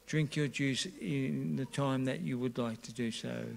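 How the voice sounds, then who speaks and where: A male pastor leading communion and prayer, with slow, repetitive prayerful phrasing. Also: medium pitch, steady tone, gravelly.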